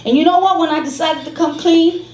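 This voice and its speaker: A woman's voice: very high-pitched, fairly quick, slight background noise. A woman in her fifties from Brooklyn with a New York accent, doing a brassy, sassy stand-up set in a comedy club. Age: 50s. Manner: brassy, animated, sassy street-talk delivery. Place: comedy club stage with a live audience. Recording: echoey club room with crowd laughter.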